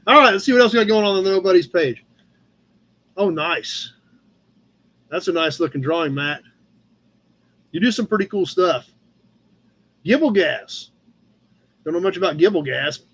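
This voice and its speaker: With a husky, fairly bright, high-pitched voice, a Midwestern American man hosts a live car-hobby chat show from a home room with a cat nearby. He's expressive and moderately paced, pausing often as he casually rambles through viewer posts, using lots of fillers and addressing people by name.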